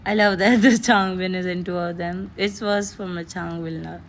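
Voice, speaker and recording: A woman's voice: on the low side, normal speed, slight background noise. A teenage girl, chatting casually and gushing through an unboxing, often giggling. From Pakistan. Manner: gushing, giggly, excitable fan talk. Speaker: vlogger.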